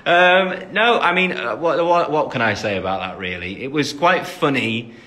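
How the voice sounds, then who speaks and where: A man's voice: mid-range voice, expressive, normal speed, bright, forceful tone. Rambling young English man on a livestream. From England, West Midlands. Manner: chatty and rambling, reads out fan questions, many ums. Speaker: singer answering fans on a livestream. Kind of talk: casual live-stream Q&A.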